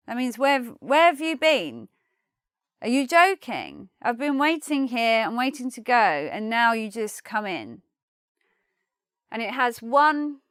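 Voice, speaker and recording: A woman with a smooth, clear, slightly high voice teaches English slang in an online lesson. She explains each phrase lively and acts out the angry examples, in a dry, close sound. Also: dry recording.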